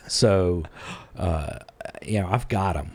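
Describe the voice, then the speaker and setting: Easygoing man with a fairly low voice, a joking podcast guest. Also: slow pace, darkish tone, slightly rough. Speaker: guest, former missionary. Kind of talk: casual chat. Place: church.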